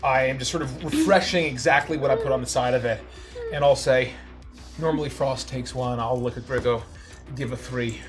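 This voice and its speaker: A tabletop player speaks in character, halting often and restarting sentences. The voice sits at a middle pitch. Music plays clearly underneath. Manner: worried, halting speech with restarts. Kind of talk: in-character tabletop role-play.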